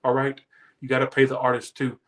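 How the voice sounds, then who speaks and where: A man's voice: mid-range voice, completely flat delivery, fairly quick, reverberant. A man reading tarot who rants defensively and emphatically to his viewers in casual talk. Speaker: tarot reader.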